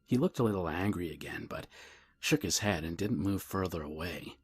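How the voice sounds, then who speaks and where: Low husky guy reading a creepy story, calm and measured, slips into a hushed whisper now and then. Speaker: narrator. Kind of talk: scripted horror story narration.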